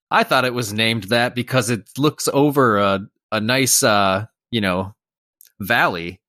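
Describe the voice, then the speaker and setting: Bright, dry-voiced joking man. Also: medium pitch, slow, long pauses, no room sound. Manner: jokey, slips into mock officials and characters. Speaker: podcast co-host. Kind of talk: casual comedic chat with improvised bits.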